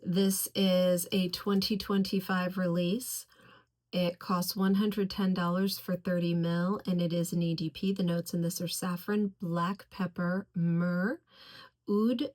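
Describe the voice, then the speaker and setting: Woman, fragrance reviewer, unhurried, gushing, slightly low voice. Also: a little mellow. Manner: effusive, gushing about scents; slow, deliberate listing of notes. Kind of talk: casual product review.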